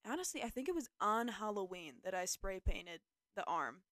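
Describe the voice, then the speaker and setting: A woman's voice: medium pitch, very animated, moderate pace, a bit bright, no room sound. A young woman hosting a podcast, chatting casually and rambling with lots of fillers, poking fun at herself. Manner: rambling, self-deprecating, filler-heavy. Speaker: podcast host. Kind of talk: casual solo podcast talk.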